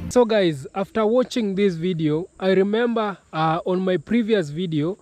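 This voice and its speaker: A man from Kenya hosts a reaction video in a high voice, talking slowly and haltingly with frequent restarts. The sound is very dry and close. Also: darkish tone, no echo, soft background music. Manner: slow, halting, many restarts. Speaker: YouTube reaction host. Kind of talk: casual reaction commentary.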